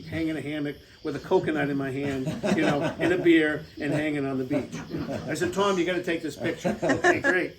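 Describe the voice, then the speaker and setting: A man's voice: a little high, a little mellow, slight background noise, low-quality recording. A middle-aged American man telling a rambling, casual travel story over slides, with lots of fillers and laughs. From United States.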